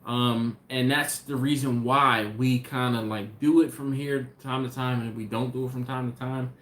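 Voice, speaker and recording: A man's voice: medium pitch, steady tone, moderate pace, a bit bright. An American man hosting a live stream, talking loosely with fillers and restarts. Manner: loose, rambling talk with fillers. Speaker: host. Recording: roomy echo.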